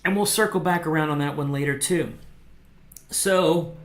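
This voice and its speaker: Speaking at a moderate pace with a voice on the high side, a male pastor runs an informal small-group Bible study for an online audience. He talks conversationally with fillers and animatedly acts out quotes, his microphone audio streamed with a reverberant sound.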